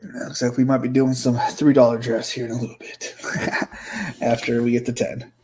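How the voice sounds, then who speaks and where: A man's voice: mid-range voice, little pitch movement, moderate pace, a little mellow, a little hiss or hum, low-quality recording. A man streaming fantasy sports drafts, out of breath, thinking aloud in loose, profane, muttered asides. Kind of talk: casual livestream commentary.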